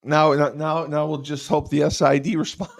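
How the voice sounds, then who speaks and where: A man co-hosts a casual sports podcast with a slightly high voice. He is playful and animated, and he laughs readily as he trades stories. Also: moderate pace, creaky. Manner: jokey, laughs often, animated. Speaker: podcast co-host.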